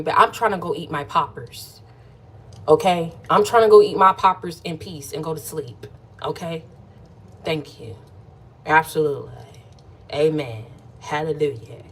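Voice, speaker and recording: Woman, late-night livestream host, casual pep talk, playful and chatty, mid-pitched everyday voice. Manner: playful, chatty, calls listeners "baby" and "y'all".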